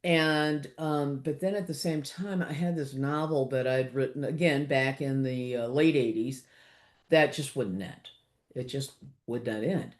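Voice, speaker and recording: A woman in her sixties from Los Angeles, an author chatting as an interview guest, animated and laughing often with many fillers. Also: rumbling low, a little slow. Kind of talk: casual interview chat.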